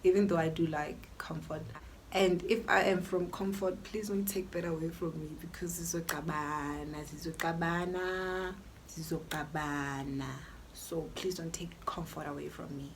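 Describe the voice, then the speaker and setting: Brief: young South African woman, YouTuber, lower register, opinionated and chatty, faint hiss under the voice. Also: fairly even intonation, normal speed, creaky. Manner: chatty and opinionated, mixing in local languages. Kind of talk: casual Q&A vlog.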